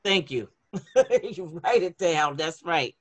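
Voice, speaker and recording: A woman leads an informal online class for kids, reading the video-call chat aloud and encouraging the children in a chatty tone. Her voice is fairly low and expressive, and her delivery is slow.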